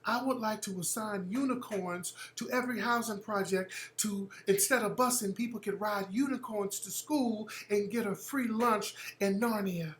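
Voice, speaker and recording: A man's voice: high voice, moderate pace, few pauses, a little hiss or hum, pitched above the performer's own voice, lightly acted. A man mimicking a flighty, airy woman politician. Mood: mocking airy. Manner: mocking, airy, rambling.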